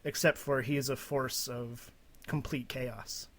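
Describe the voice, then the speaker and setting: A man's voice: mid-range voice, steady tone, a little slow, crowd noise. A man co-hosting a podcast in casual, enthusiastic chat, with frequent restarts. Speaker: podcast co-host.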